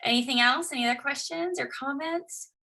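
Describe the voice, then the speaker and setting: A woman's voice: sits high, brisk, creaky, pushed and bright. A woman teaching public speaking, explaining and encouraging her students. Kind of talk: class lesson.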